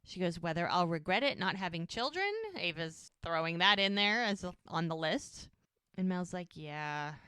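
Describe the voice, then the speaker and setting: A woman's voice: lowish voice, animated, moderate pace, sharp tone, clean tone, no room sound, clean studio sound. A woman co-hosting a podcast, casually retelling TV scenes and quoting characters' lines. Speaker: podcast co-host. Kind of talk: casual recap chat.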